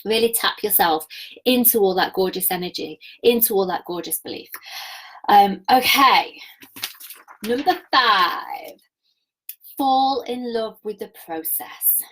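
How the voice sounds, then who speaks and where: A woman coaching her viewers in a live session, enthusiastic and spiritual, with a slightly croaky voice from a week of talking. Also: mid-range voice, unhurried, rough recording. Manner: enthusiastic, spiritual, reads viewer comments aloud. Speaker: business coach.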